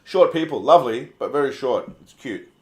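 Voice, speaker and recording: Animated and a little fast, this medium-pitched Australian livestream host reads out viewer comments. His manner is laid-back and talkative, with plenty of swearing and "mate" thrown around.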